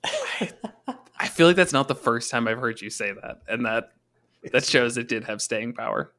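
A man co-hosting a casual tabletop gaming talk, chatty, often slipping into quick voices for monsters and players. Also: mid-range voice, lively intonation, bright, forceful tone. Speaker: podcast co-host, game master.

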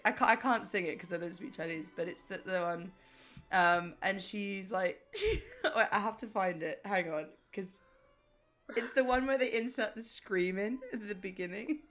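A woman's voice: medium pitch, a little slow, faint music behind. A woman hosting a podcast, chatting casually and rambling, with frequent laughter. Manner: laughs a lot, rambling and animated. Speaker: podcast host. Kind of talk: casual chat.

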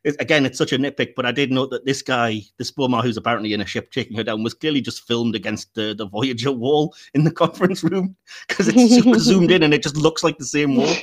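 A man's voice: medium pitch, fast. Man podcast host, joking and chatty. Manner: laughs often, nitpicky and joking. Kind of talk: casual chat.

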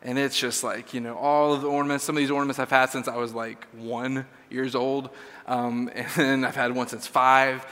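A man's voice: mid-range voice, little pitch movement, normal speed, a bit bright. A man telling a casual, self-deprecating personal story in a sermon, with lots of fillers. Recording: long hall reverb.

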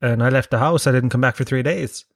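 A man's voice: mid-range voice, quick pace, creaky, no echo, studio quality. An Irish man with a Kerry accent, telling a rambling, self-mocking story and swearing freely. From Ireland. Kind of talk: storytelling monologue.

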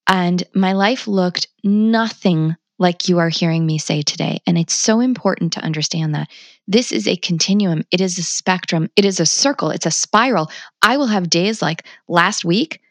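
A woman's voice: on the low side, normal speed, no echo. A woman talking as a parenting educator in a candid interview, blunt and emphatic, swearing freely. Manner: animated and passionate. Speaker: parenting educator, podcast guest.

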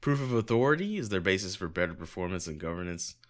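A man's voice: low-pitched, animated, quick pace. A man co-hosting a casual podcast, reading news articles aloud and breaking off into sarcastic, profane asides. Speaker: podcast co-host.

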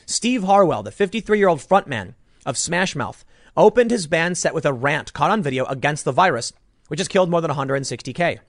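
A man's voice: fairly high pitch, lively intonation, brisk, dry recording, studio quality. A man giving an opinionated political commentary monologue, combative and sarcastic, restarting his sentences as he argues.

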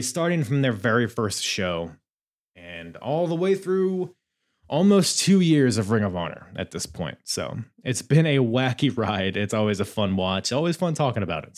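Laid-back joking male podcast host. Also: mid-range voice. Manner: laid-back, chatty, jokey, laughs between remarks. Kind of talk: casual solo podcast recap.

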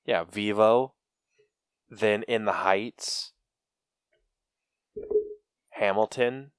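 Slow, rambling podcast guy. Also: fairly low pitch, clean tone, no room sound, studio quality. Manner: rambling, filler-heavy, laughs often. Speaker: podcast co-host. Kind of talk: casual chat.

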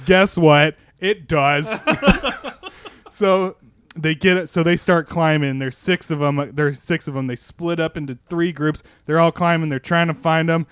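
A young man tells a movie plot in a loose, sarcastic ramble and keeps breaking into laughter. His voice sits a bit high, and the recording is dry and close. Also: fairly even intonation, a little slow, a bit bright, clear, resonant tone, no echo. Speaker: podcast panelist pitching a movie. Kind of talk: casual movie-recap chat.

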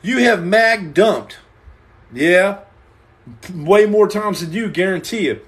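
A man from the United States chats through a live stream with a voice pitched well above most men's. He jokes with viewers and reads out their questions, acting out little scenes and repeating lines for effect. He stammers and restarts often as he talks. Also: slow pace. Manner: animated and playful, acts out scenes and repeats himself. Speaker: livestream host answering viewer questions. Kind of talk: joking live-stream chat.

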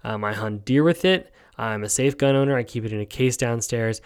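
A sleepy man from New York talks through his solo podcast in a loose, rambling way, with many ums and restarts. His voice is smooth and clear. He yawns as he goes. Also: mid-range voice, a little fast, hardly any pauses. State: sleepy, yawning. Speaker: podcast host. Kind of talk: casual solo podcast monologue.

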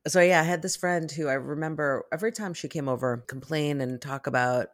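A woman's voice: sits low, fairly quick, no echo, studio quality. Reflective woman co-hosting a chat. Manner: reflective, reads out listener comments. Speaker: podcast co-host. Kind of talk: casual chat.

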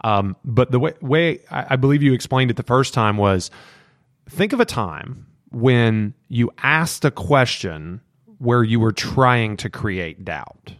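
A man's voice: mid-range voice, lively intonation, takes it slowly, no echo, clean studio sound. A man hosting a casual conversation, affable and agreeable as he recounts a training event. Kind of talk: casual chat.

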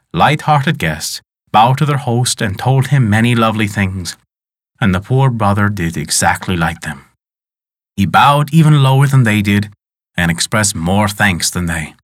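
Man telling a folk tale, dramatic, lively pitch, dry close sound. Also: no echo. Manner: expressive, dramatic. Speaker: storyteller.

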